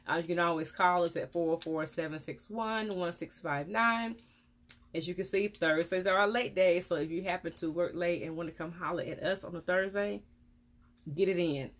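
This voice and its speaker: A woman dentist, giving frank, chatty advice on a casual live stream. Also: sits low.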